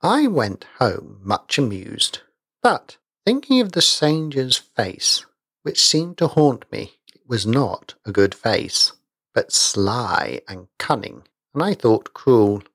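A man reading a story aloud in a measured storytelling manner. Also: medium pitch, sing-song, gravelly, fairly bright tone, slightly rough, dry recording, studio quality. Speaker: narrator. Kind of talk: audiobook reading.

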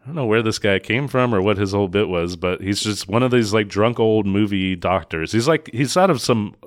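A man's voice: fairly low pitch, a little fast, dry recording, studio quality. Sarcastic man recapping a bad movie. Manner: sarcastic, exasperated recapping of plot. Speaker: podcast co-host. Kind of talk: casual movie-review chat.

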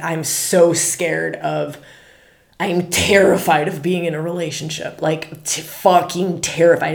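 A woman's voice: fairly low pitch, a little mellow, roomy sound. A woman hosting a spiritual podcast, talking candidly and casually, swearing freely, laughing often and asking many rhetorical questions. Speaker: podcast host and spiritual guide.

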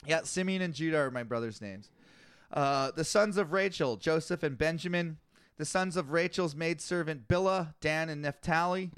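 A man's voice: a little high, moderate pace, fairly bright tone, clear, resonant tone, no echo, clean studio sound. A man co-hosting a podcast, reading scripture aloud in casual chat and growing exasperated at long lists of names, swearing as he goes.

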